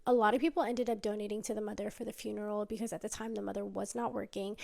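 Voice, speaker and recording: A woman's voice: medium pitch, vocal fry, darkish tone. A woman casually retelling a story, chatty and full of "like" and "you know". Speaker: storytime narrator.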